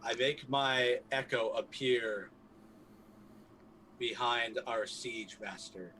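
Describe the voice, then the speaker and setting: A man's voice: medium pitch, steady tone, slow pace, pushed and bright, a little hiss or hum, low-quality recording. A man playing a tabletop game, describing his character's actions in a playful, mischievous way. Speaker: player.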